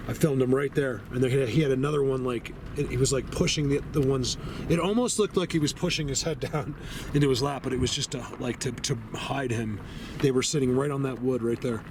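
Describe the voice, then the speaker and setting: A man talks to his camera as he walks through a forest, rambling and defiant and a little out of breath. His pitch sits in an everyday middle range. Steady outdoor noise from the camera mic runs under his voice. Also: brisk. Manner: rambling, defiant, laughs at his own jabs. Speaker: outdoor vlogger. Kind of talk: casual walking vlog to camera. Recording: noisy outdoor camera audio.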